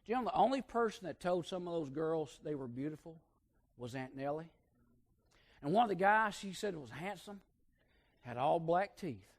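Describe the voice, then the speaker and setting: Preacher man telling a down-home story, kinda high voice, goes quiet then loud. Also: lively intonation, normal speed. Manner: folksy, swings between hushed and loud emphasis. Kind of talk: sermon storytelling.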